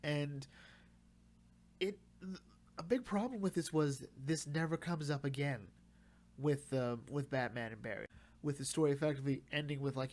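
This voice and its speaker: A man's voice: a little high, normal speed, long pauses. A man casually reviewing and recapping a comic run, chatting loosely and acting out the characters' lines.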